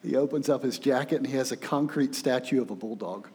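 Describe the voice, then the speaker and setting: A male pastor preaching a sermon, telling stories in a conversational, animated way. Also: medium pitch, quick pace, noisy background. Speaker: senior pastor. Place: church sanctuary. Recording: long reverb of a large hall.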